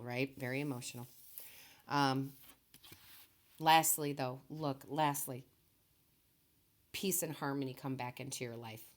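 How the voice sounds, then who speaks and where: A woman giving a tarot reading, who talks softly and reassuringly and keeps checking in with "okay". She is emotional and close to tears, and her voice stays low and quiet. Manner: soft-spoken, emotional, reassuring, says okay often. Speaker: tarot reader.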